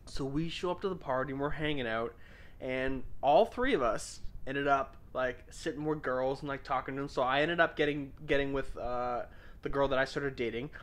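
A man's voice: medium pitch, normal speed. A young man hosting a podcast, telling a party story in casual chat and acting out the quotes. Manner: animated, swearing, acts out quotes. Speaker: podcast host.

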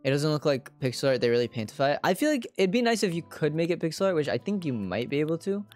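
A woman streaming a video game, talking through every step in a lively voice that swoops up and down. She chats casually and throws in sudden squealing shouts, with soft game music playing faintly behind her. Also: sits low, fast talker. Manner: chatty narration of her own actions, with sudden squealing outbursts. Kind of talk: casual livestream gameplay commentary.

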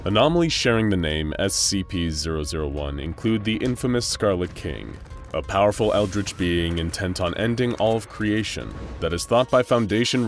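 A man with a very deep voice tells a scripted story, pacing it for drama. A faint music bed plays beneath his narration.

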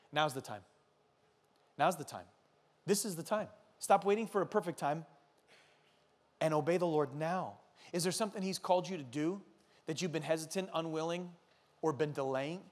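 A man in his thirties preaching a sermon as a pastor, urging his listeners with animated, earnest exhortation. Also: fairly high pitch. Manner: animated storytelling, urgent exhortation.

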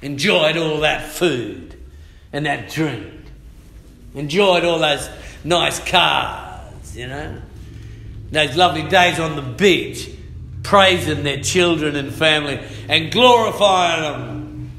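A middle-aged man, preaching a fiery sermon in church, sometimes shouting. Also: on the high side, animated, slow, creaky, a little hiss or hum. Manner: fiery, shouting and humming out rhythms. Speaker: pastor. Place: church hall. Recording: echoey church hall.

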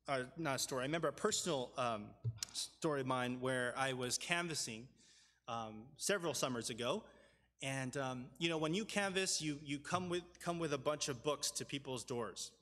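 A young man pastor telling a personal story in a sermon, earnest and halting, with many fillers and restarts. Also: medium pitch, fairly bright tone. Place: church sanctuary. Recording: long church hall reverb.

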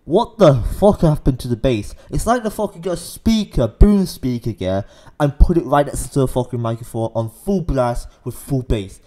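A man's voice: medium pitch, lively intonation, normal speed, few pauses, mellow. A man hosting a reaction video, rambling and blunt with plenty of swearing. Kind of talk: casual reaction commentary.

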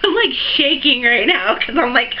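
Gushing high-voiced young woman vlogger. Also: moderate pace, muffled recording, slight background noise. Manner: gushing, gasping, breathless with excitement. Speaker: beauty vlogger. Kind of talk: excited unboxing vlog.

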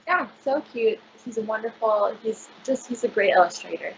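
A woman's voice: fairly high pitch, moderate pace, gravelly, lo-fi sound, a little hiss or hum. Bubbly librarian woman on a video call. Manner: bubbly, gushing, filler-heavy. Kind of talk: casual video call chat.

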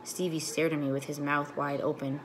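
Teacher reading to children: a woman with a low voice, clear and expressive, faint hum behind. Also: moderate pace. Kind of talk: reading a children's book aloud.

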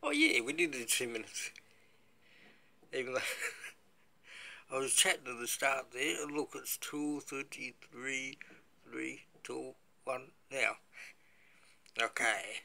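A man's voice: mid-range voice, animated, takes it slowly, creaky, long pauses, sharp tone. An Australian man chatting casually on a live stream, counting aloud and laughing at himself. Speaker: vlogger.

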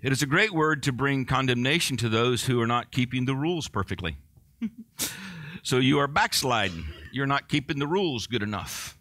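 Bright-voiced joking male pastor. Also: medium pitch, lively intonation, normal speed, dry recording. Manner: joking, self-mocking, conversational preaching. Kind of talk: sermon.

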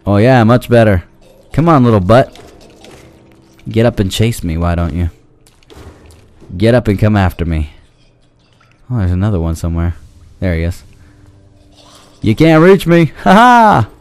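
A man's voice: deep voice, normal speed, long pauses, a little mellow. A man giving goofy gameplay commentary, talking back to the enemies on screen, yelping and pleading with them when the fight goes badly. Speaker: let's play commentator.

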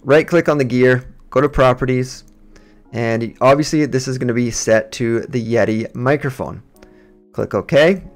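A man who streams games, casually talking a viewer through software settings step by step on a USB desk microphone. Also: medium pitch, unhurried, faint music behind. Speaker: gaming streamer. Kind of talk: software setup tutorial.

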